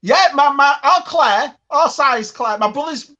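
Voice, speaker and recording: A man's voice: extremely high pitch, measured pace, sharp tone, muffled recording. A man with a northern English accent, a guest host on a podcast, chatting eagerly and showing off collectibles. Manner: chatty, enthusiastic, shows items to camera. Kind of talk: casual podcast chat.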